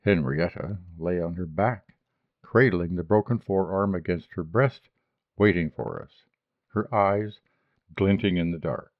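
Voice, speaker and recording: A man reading a short story aloud as an audiobook narrator, in a measured, even delivery. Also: deep voice, dry recording, phone-quality sound. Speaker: audiobook reader.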